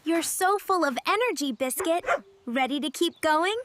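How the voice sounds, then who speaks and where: A woman voicing a kind young girl in a children's cartoon, speaking in a gentle, praising and encouraging way. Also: very high voice, lively intonation, normal speed, over loud music.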